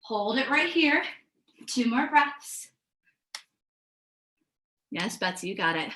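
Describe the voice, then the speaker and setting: Female yoga instructor, bright upbeat cueing, a little breathless, echoey room. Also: on the high side, big pitch swings, slow pace. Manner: upbeat, encouraging, calls out breaths and poses. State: a bit out of breath. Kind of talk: live online yoga class cues.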